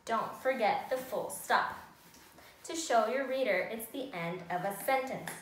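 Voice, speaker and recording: High-pitched lady teacher, slow sing-songy voice, really echoey room, sounds far from the mic. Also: a little hiss or hum. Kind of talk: recorded classroom lesson for young children.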